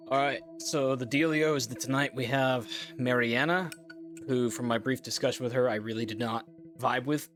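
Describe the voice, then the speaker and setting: A man's voice: mid-range voice, steady tone, moderate pace, music in the background. A man streaming a game, thinking aloud in a wry, casual way and swearing now and then.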